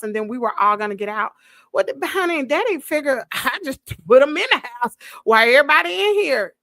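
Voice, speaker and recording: In front of a green screen in her downstairs home office, a woman hosts a casual livestream chat, coughing on bug spray fumes while telling an animated, gossipy Southern-style story. Her voice is on the high side, with no room sound.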